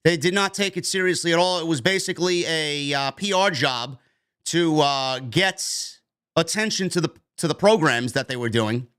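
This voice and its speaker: A man with a rather high voice rants about the news as a podcast host. He is emphatic and blunt and swears without holding back. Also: moderate pace, a bit bright, clean tone. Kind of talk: opinionated news rant.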